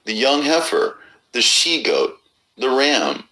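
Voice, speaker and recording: A man reading an old scripture text aloud in a steady, measured recital. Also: medium pitch, low-quality recording. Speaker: reader.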